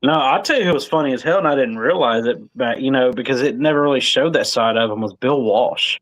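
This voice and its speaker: A man's voice: medium pitch, fast, fairly bright tone. A man co-hosting a casual sports talk show, telling football stories in a laid-back way. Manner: laid-back storytelling with frequent "dude".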